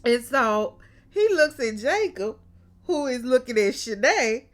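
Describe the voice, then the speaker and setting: Lively, unhurried woman recapping a TV episode. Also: fairly high pitch. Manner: animated, laughs often, drawls out exclamations; colloquial and chatty, calls listeners baby and child.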